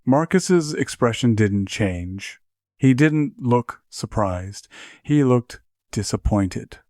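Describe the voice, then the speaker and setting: A man narrating a scripted horror story in measured, steady storytelling. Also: mid-range voice, no room sound, studio quality.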